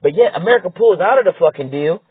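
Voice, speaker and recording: Brief: blunt, profane male commentator with a husky voice, recorded dry on thin phone-like audio. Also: sits high, lively intonation, quick pace, no echo. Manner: blunt, profane, rhetorical, repeats "all right?". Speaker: political commentator. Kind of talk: heated profane commentary reading news aloud. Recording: tinny phone-like dry sound.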